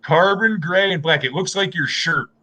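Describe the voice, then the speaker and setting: A man hosting a casual livestream, telling animated stories and pitching gear. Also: moderate pace, over a noisy crowd. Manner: animated storytelling, salesy pitches. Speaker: host.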